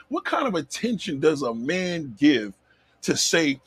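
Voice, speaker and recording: Heated husky man ranting at chat. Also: a little high, lively intonation, a little slow, no echo. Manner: loud, heated, swearing, rhetorical questions, repeats himself. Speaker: livestream host reacting to chat comments. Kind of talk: profane livestream rant.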